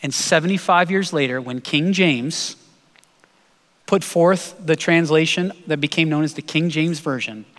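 Pastor preaching in a reverberant hall. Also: male voice, on the high side, a bit bright. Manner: earnest storytelling, slowing for emphasis. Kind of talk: sermon. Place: church sanctuary.

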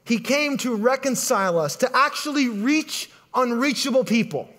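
Casual middle-aged male pastor, very high voice, animated sermon delivery that repeats words as it builds. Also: normal speed.

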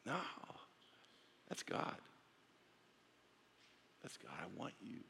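A man's voice: lowish voice, very animated, drawn-out words, vocal fry, pauses often, a little hiss or hum. A male pastor preaching an earnest, conversational sermon in a church. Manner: earnest, conversational, with restarts and soft drops. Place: church sanctuary. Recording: echoey church sanctuary.

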